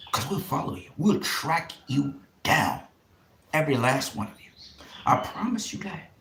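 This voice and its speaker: Male boxing channel host, impassioned to-camera rant, repetitive vows, swings into harsh whispers, lively pitch. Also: roomy sound. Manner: fervent, emphatic, repeats vows, drops to harsh whispers.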